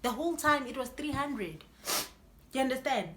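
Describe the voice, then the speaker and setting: Bright-voiced chatty young woman vlogger. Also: high voice, moderate pace. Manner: animated, chatty, full of "like" and "yo". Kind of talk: storytime vlog.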